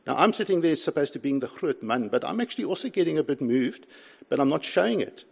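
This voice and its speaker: An older man preaching a sermon, swinging between loud pleas and hushed asides. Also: on the high side, animated, fast, creaky, husky, dull audio. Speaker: pastor.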